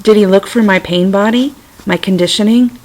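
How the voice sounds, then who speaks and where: A middle-aged woman talking gently and reflectively to her computer's webcam at home, with self-amused asides. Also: mid-range voice, normal speed, poor audio. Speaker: vlogger sharing personal stories. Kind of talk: casual spiritual talk to camera. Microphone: computer webcam mic.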